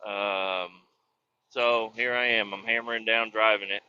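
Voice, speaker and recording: A man's voice: on the low side, steady tone, a little slow, pushed and bright. A truck driver venting in a profane, casual vlog monologue from his cab. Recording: dull lo-fi audio with faint road noise.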